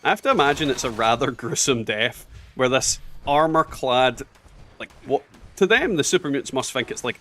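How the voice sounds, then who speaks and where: A man in his thirties with a softened Scottish accent, chatting casually and swearing as he plays a game on stream. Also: mid-range voice, a little hiss or hum. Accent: Scottish, toned down. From Scotland. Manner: chatty, swears, jokey asides. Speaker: gaming streamer. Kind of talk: casual chat while playing a game.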